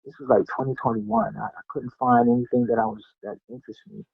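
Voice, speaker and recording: A man's voice: mid-range voice, fast, gravelly, breathy edge, dry recording. Middle-aged man telling stories, lo-fi. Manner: animated, lots of fillers and restarts, acts out what people said. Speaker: podcast guest, martial artist. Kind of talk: casual storytelling. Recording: dull lo-fi sound, dry.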